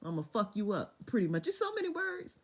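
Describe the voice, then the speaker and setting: A young woman tells Bible stories as if gossiping with friends. She is loose and profane, drops into character voices for the quotes, and often breaks into laughter. Her voice sits at a middle pitch. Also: a little fast. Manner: profane, laughing, animated retelling. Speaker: vlogger retelling Bible stories. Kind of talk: casual storytelling with voiced quotes.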